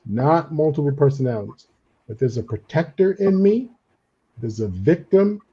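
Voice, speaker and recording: A man on a discussion panel, explaining his ideas in an animated way and acting out the inner voices he quotes. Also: fairly high pitch, husky, highs cut off. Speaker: panelist on a trauma and healing talk. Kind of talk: conversational explanation.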